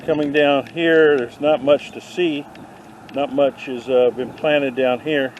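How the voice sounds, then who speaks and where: A man vlogging a walk through an outdoor garden, dropping deadpan puns as he goes. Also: mid-range voice, takes it slowly, muffled recording. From not from the South. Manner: deadpan punning asides. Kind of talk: joking walk-through commentary. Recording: faint outdoor noise.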